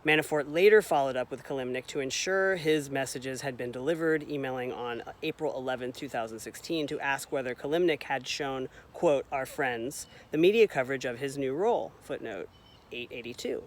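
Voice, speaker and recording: A man's voice: medium pitch, moderate pace. A man reading a long report aloud in a casual way, reading out the footnote numbers, correcting his own slips and adding wry asides. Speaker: reader of a report.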